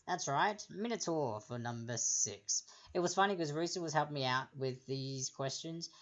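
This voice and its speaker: A man's voice: fairly high pitch, normal speed, a bit bright, highs cut off. A man hosting a trivia quiz on a livestream. He reads out each question, then wanders into chatty, jokey asides. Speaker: trivia host.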